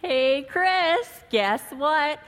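A preacher voicing an excited coworker who brags about a new promotion, in a boastful, gleeful tone. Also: male voice, extremely high pitch, very slow, big-room sound, pitched above the performer's own voice, heavily acted.

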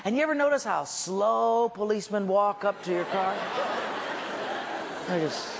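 A loud crowd surrounds a middle-aged pastor whose high voice has some vocal fry as he delivers a sermon at a moderate pace in a church hall. Animated and poking fun at himself, he acts out the voices in his story. The hall reverberates, and there's a faint background hiss.

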